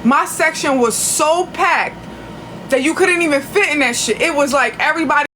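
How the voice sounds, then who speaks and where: A woman's voice: sits high, moderate pace, bright, forceful tone, a little hiss or hum. A woman telling a long story on a casual livestream, chatty and profane, with frequent restarts. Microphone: phone.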